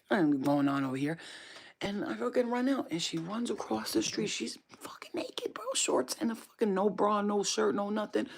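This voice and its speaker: A woman's voice: mid-range voice, creaky, slightly rough. A woman livestreaming as a psychic reader, casually telling a story to her chat, swearing often and repeating phrases for emphasis.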